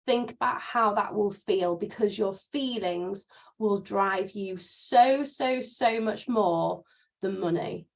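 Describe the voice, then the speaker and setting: A woman mentor runs a training session over a video call, upbeat and motivational in tone. She leans on repetition to press her points home, in a mid-pitched voice. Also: takes it slowly. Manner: upbeat, motivational, repeats words for emphasis.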